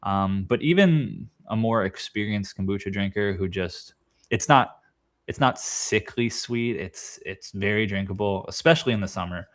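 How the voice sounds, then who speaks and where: Playful low-voiced male co-host. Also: normal speed. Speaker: podcast co-host. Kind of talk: casual chat.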